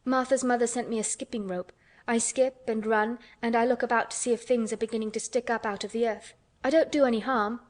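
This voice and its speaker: A woman's voice: a little high, steady tone, a little fast, natural voice. A woman reading an audiobook, voicing an anxious, eager little orphan girl who speaks in a tremulous, pleading way.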